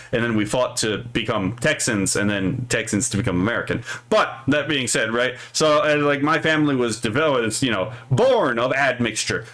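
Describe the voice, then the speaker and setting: A man's voice: mid-range voice, fairly bright tone. A man streaming casually, reading out viewer comments and rambling through stories, often tagging his sentences with "right?" and chuckling between thoughts. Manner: rambling, keeps asking "right?".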